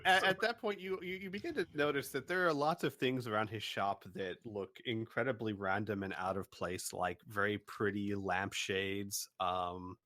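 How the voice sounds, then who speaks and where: A man's voice: on the low side, fairly even intonation, moderate pace, hardly any pauses, bright, forceful tone, no room sound. A man narrating as game master in a tabletop game, often stumbling and restarting as he describes.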